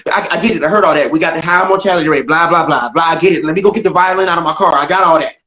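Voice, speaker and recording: A man's voice: rapid-fire, sharp tone. An older man, a stand-up comedian, telling a story as a guest in an emphatic way, acting out dialogue. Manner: emphatic, acts out dialogue, swings pitch widely. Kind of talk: animated storytelling in a video interview. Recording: echoey room.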